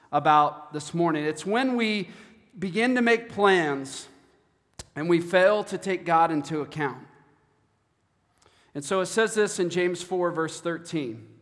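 A man's voice: high voice, a bit bright. A man preaching a sermon as pastor, earnest and prone to repeating words as he goes. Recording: long hall reverb.

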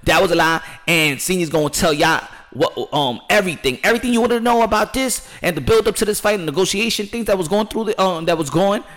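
A man hosting a boxing channel, talking excitably and loudly with lots of slang and repetition before an interview. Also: high voice, quick pace, few pauses. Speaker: boxing show host. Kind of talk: hyped-up channel talk and interview.

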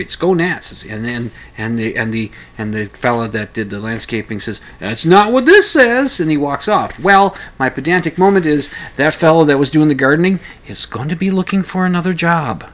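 A man's voice: on the high side, fairly bright tone. A man talking casually at home, telling a story in a rambling, hesitant way with many restarts. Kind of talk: casual spoken commentary.

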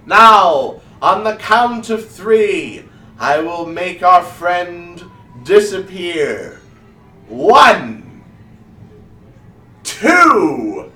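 A man voicing a grandiose male stage wizard showman, making slow, drawn-out theatrical announcements. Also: sits high, sing-song, pushed and bright, echoey room, far from the mic, pitched above the performer's own voice, full character voice.

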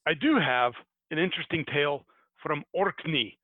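In a casual podcast chat, an American man rambles while retelling a folktale, laughing at himself now and then. His voice is on the high side at normal speed, and the recording is dry and tinny like a phone.

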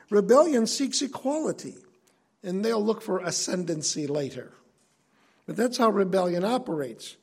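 A man's voice: high-pitched, big pitch swings, moderate pace, gravelly, husky. A male preacher giving an earnest sermon that explains scripture in a conversational way.

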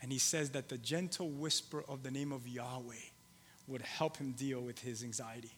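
A male pastor preaching a sermon, shifting between loud emphatic lines and soft, low storytelling, with halting restarts and repeated phrases. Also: fairly even intonation, slight background noise. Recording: long hall reverb.

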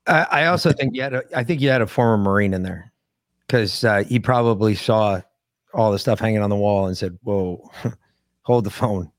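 A man's voice: fairly low pitch, a little fast, dry recording, clean studio sound. A man co-hosting a podcast, chatting casually and laying out a laid-back guess. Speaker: podcast co-host.

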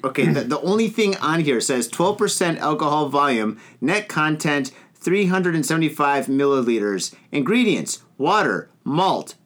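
A man co-hosting a casual chat show, joking around and swearing, animated and teasing. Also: a little high, moderate pace, few pauses. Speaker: podcast co-host. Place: indoors at a table.

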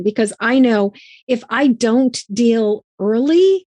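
A woman's voice: fairly high pitch, expressive, takes it slowly, darkish tone, dry recording, clean studio sound. A woman hosting a casual conversation, chatty and telling stories. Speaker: podcast host.

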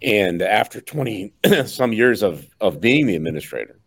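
A man's voice: fairly low pitch, sing-song, moderate pace, gravelly, slightly rough. A man hosting a podcast, asking his guest questions in a casual, reflective way. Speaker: podcast host.

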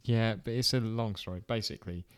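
A man's voice: lowish voice, fairly quick, clean tone, no room sound. A man in his thirties co-hosting a podcast in casual chat, dry and self-deprecating, with a slightly sore throat and frequent laughs. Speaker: podcast co-host.

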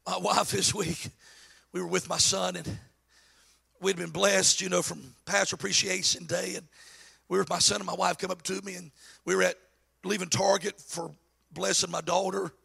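Gravelly, bright-voiced preaching man. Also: high voice, level tone, moderate pace. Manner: preaching with shouted, sing-song emphasis. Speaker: pastor. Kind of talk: sermon.

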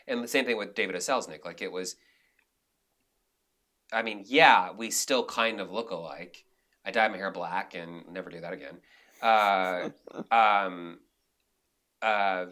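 Bright-voiced man telling stories. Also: lowish voice. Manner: animated, acts out quotes, frequent restarts. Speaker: director and actor guest. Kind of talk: casual interview storytelling.

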